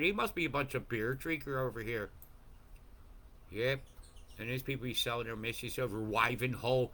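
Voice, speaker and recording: Man, weather livestream host, profane, excitable, jumps topics, bright tense tone. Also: mid-range voice, moderate pace, pauses often. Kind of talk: rambling livestream commentary.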